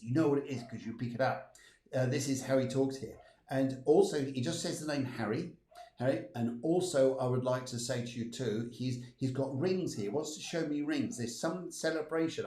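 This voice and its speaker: A man's voice: mid-range voice, a little mellow, reverberant. A man hosting a live stream as a medium, relaying messages from spirits with many fillers and repeated phrases. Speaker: medium giving readings.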